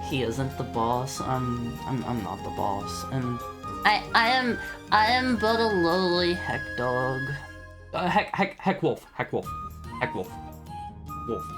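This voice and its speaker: A man's voice: mid-range voice, very animated, slow, music in the background. A young man streaming from home, chatting casually with his chat, stammering and laughing often as he reads messages. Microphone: studio microphone.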